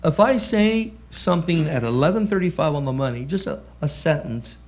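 A man's voice: fairly high pitch, animated, normal speed, lo-fi sound. A man preaching a sermon as pastor, emphatic, repeating key phrases and calling out to the congregation.

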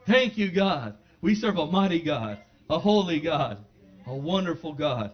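In a church sanctuary, a high-voiced pastor delivers a sermon to his congregation, very animated and at a measured pace, shifting from relaxed conversational asides to loud, fervent proclamations. The lo-fi recording sounds dull, its upper frequencies muffled.

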